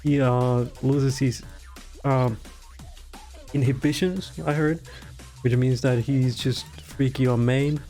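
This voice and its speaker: Man, comedic lore rant, profane and giggly, middling pitch, faint background music. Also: slow, pauses often, warm tone. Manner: irreverent, profane, giggly asides. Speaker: video creator.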